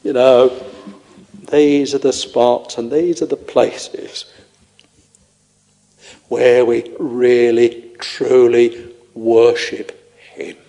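A man preaching a sermon, tenderly addressing his listeners in a slow, intoning way. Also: medium pitch, level tone, mellow. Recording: long reverb of a large hall.

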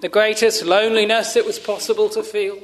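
A man preaching a sermon in a slow, solemn, measured way with long pauses, sometimes dropping to a hush. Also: high voice, flat delivery.

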